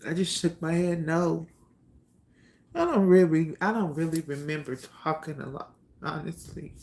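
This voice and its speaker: Woman, low gravelly voice, hesitant personal storyteller, lots of pauses. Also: slight background noise. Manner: halting, soft-spoken, trailing off with many pauses and sighs.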